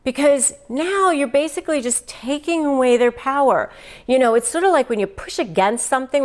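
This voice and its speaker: A middle-aged woman talks straight to the camera in an advice video. Her voice sits in a middle pitch, and she leans hard on key words, slipping into quoted lines with lively emphasis. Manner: animated, emphatic, acts out quoted phrases. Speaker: host, negotiation advice presenter.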